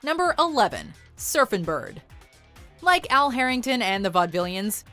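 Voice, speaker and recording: A woman's voice: a little high, big pitch swings, normal speed, pushed and bright, soft background music. A woman narrating a scripted countdown video with wry, playful commentary.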